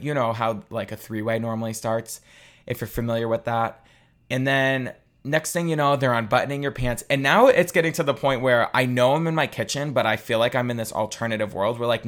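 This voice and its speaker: Candid, animated young man telling a story. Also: mid-range voice. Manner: candid, animated, swears freely. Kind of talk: casual storytelling monologue.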